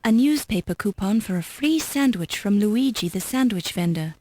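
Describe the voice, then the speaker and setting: A woman's voice: mid-range voice, expressive, moderate pace, mellow, dry recording, lightly acted. A woman voicing a wry game narrator, reading dry, matter-of-fact descriptions in scripted narration.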